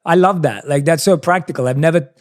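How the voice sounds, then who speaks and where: A man's voice: fairly high pitch, fast talker. Enthusiastic male podcast host. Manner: enthusiastic, recapping advice for listeners. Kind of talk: casual interview chat.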